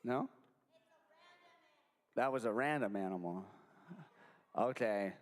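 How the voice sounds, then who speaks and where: A man's voice: lowish voice, takes it slowly, big-room sound. A young man performing a goofy, interactive children's show with a live audience at a library. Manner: goofy, animated, jokey with the kids. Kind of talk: playful kids' show with sing-along.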